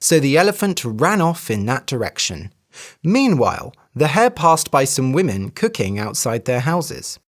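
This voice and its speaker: A teacher reading a children's story for English learners in a clear, expressive voice. The telling rises and falls in a lively way, at a middle pitch. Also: unhurried.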